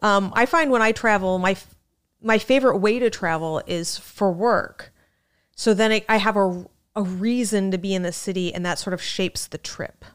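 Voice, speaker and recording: Woman in her thirties, comedian guest; clear smooth tone, loose rambly chat with curse words. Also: mid-range voice, moderate pace. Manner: rambling, swears freely, acts out quotes. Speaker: stand-up comedian, podcast guest. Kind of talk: casual chat.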